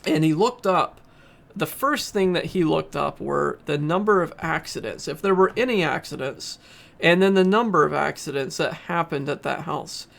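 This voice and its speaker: A man's voice: fairly high pitch, normal speed, creaky, fairly bright tone. A man reviewing a podcast, earnestly retelling a story in a casual way with frequent filler sounds. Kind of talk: casual spoken retelling and commentary.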